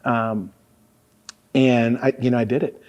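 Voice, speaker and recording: A man's voice: medium pitch, measured pace, dull audio. A man in his forties from Louisiana, a radio DJ telling stories in a casual interview, with an easygoing style full of fillers. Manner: relaxed storyteller, lots of fillers. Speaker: radio DJ, guest.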